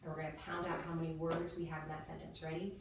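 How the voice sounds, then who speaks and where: A woman's voice: deep voice, little pitch movement, fast talker. A woman in her thirties training teachers, chatty and explaining step by step as she models spelling drills. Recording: echoey room, mic far off, noisy.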